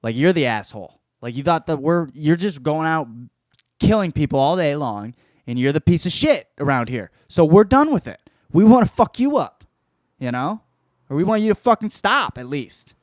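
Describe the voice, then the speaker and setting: A man's voice: on the high side, big pitch swings, normal speed, no echo, studio quality. A man voicing a young female vampire who talks in a slangy, offhand, defiant way.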